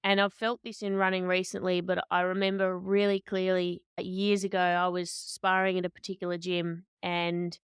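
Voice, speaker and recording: A woman, a boxer and coach telling stories as a podcast guest, candid and animated, often restarting her sentences. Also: on the low side, normal speed, hardly any pauses, clear, resonant tone, dry recording, studio quality. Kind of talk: conversational storytelling.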